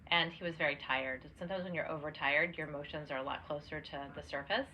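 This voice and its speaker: A woman's voice: deep voice, fairly even intonation, quick pace. A young adult woman co-hosting a podcast in casual chat, with lots of "like"s and restarts. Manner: talks with many "like"s and restarts. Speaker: podcast co-host. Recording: dull lo-fi sound with faint noise.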